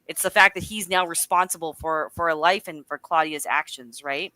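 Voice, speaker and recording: Low-voiced woman recapping a film. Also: normal speed. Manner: animated storytelling, acting out quotes. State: a little nervous. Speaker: podcast co-host recapping a film. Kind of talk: casual livestream chat.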